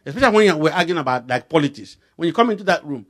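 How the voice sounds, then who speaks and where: Animated Nigerian man preaching, high voice. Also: very fast. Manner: animated, voice swinging from low and quiet to loud emphatic bursts; acts out back-and-forth dialogues while preaching. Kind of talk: sermon.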